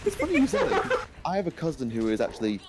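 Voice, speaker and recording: A man's voice: on the high side, huge pitch swings, racing, over a noisy crowd. A man chatting casually on a livestream, rambling with frequent restarts. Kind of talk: casual chat.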